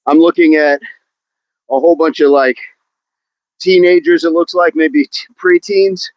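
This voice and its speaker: A man's voice: on the high side, fairly even intonation, unhurried, dry recording, lo-fi sound. Upbeat man hosting an outdoor workout stream. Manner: upbeat, counts down reps, greets chat by name. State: exercising. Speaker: fitness livestream host. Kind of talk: live workout commentary to chat. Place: outdoors on a hill.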